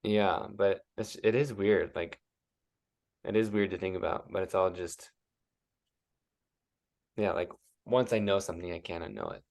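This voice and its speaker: Low, gravelly-voiced man chatting casually. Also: lively intonation, measured pace, long pauses, darkish tone. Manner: rambling, heavy use of "like". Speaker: guest, fear coach. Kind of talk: casual podcast interview.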